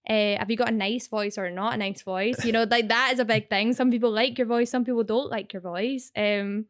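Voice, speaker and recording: A Scottish woman in her twenties, a streamer talking as a guest in a casual interview, rapid and chatty with lots of "like" fillers. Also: fairly high pitch, fairly even intonation, clear, resonant tone, dry recording, clean studio sound.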